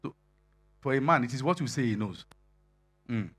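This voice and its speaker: A husky-voiced male preacher delivers a sermon to singles. He talks in a loose, conversational way and keeps laughing, then presses his points loudly. His voice sits at a middle pitch. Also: animated, normal speed. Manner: conversational preaching with frequent laughter and rising shouted emphasis.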